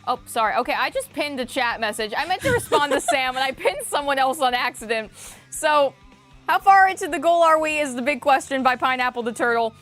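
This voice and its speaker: This is a woman hosting a game livestream, chatty and excitable as she talks to her chat mid-race. Her voice sits a little high and swings widely up and down. Faint game music plays behind her. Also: fairly quick. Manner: excitable, self-mocking, chatty with viewers. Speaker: livestream co-host playing a kart racing game. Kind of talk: casual livestream banter.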